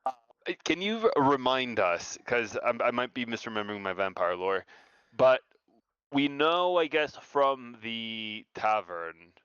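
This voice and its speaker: Hesitant man with a smooth, dry voice. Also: mid-range voice, very animated, unhurried, fairly bright tone, no room sound, highs cut off. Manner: tentative, hedging questions. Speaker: player. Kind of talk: tabletop game play.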